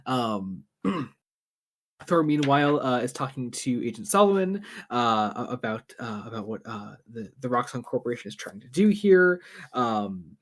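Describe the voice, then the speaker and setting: A man co-hosting a podcast, recapping a comic in an easygoing way, filling pauses with ums and uhs. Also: medium pitch, expressive. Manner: easygoing, many ums and uhs, laughs easily. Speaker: podcast co-host. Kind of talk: casual comic book discussion.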